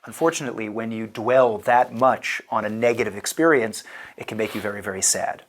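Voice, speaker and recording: A man's voice: on the low side, fairly quick. A man in his thirties, a rabbi giving a casual lecture, chatty and digressive with lots of "you know" and "like". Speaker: rabbi teaching a class.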